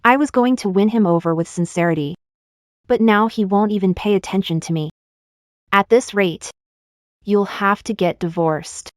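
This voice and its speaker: A woman's voice: medium pitch, normal speed, dry recording, natural voice. A woman voicing a determined young wife in a dubbed drama, firm and cutting, in a dry booth.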